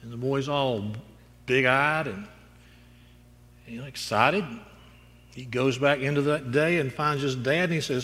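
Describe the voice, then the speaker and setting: A man's voice: mid-range voice, measured pace, pauses often, a bit bright. A male pastor preaching a sermon, moving from storytelling to emphatic declarations. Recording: long reverb in a large hall.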